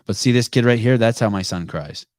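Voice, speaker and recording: Low-voiced profane podcast host, dry close mic. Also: male voice, a little fast, darkish tone, dry recording. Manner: loose, profane, rambling storytelling; laughs easily. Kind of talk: casual call-in podcast chat.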